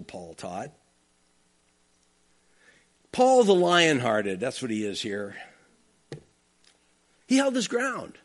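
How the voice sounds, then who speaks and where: A male pastor preaches in an emphatic, conversational style, often checking in with his listeners. His voice sits high for a man and swoops widely in pitch as he makes his points. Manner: emphatic and conversational, with asides like "okay?". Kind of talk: expository sermon.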